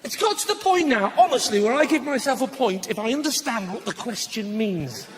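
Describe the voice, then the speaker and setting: A man doing stand-up comedy, ranting and slipping into shouted voices for his bits. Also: extremely high pitch, very animated, brisk. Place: live comedy venue with audience laughter. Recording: noisy live stage recording.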